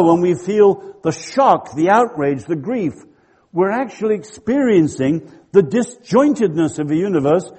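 An older man giving a sermon-style lecture, emphatic and full of stories, with a husky voice. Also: high-pitched, expressive, a little slow, a little mellow. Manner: emphatic, storytelling. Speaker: Christian speaker.

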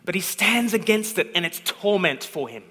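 A man preaching a sermon with a high, bright, forceful voice. He tells a story emphatically and keeps pausing to check that his listeners are following. His words ring out with a long reverb from the hall. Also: lively intonation, breathy edge. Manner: emphatic storytelling, repeated "okay?" check-ins.

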